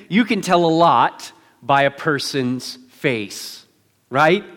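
A middle-aged man preaching as pastor, praying in a hushed, slow voice, then talking conversationally with self-deprecating humor. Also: on the high side, expressive. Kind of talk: sermon. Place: church sanctuary. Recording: long hall reverb.

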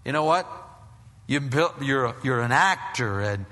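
A male pastor giving a sermon in a church, animated and conversational, often restarting his phrases. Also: medium pitch, unhurried, big-room sound.

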